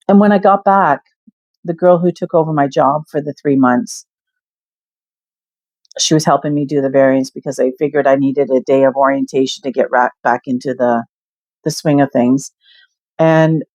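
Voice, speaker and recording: A woman's voice: sits low, darkish tone, no room sound. An older woman frankly telling a personal story to her viewers, emphatic and candid. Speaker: vlogger.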